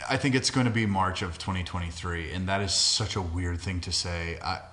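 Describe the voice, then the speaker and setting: A man's voice: sits low, a little fast, a bit bright. A man co-hosting a casual gaming podcast, blunt and opinionated, swearing freely. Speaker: podcast co-host.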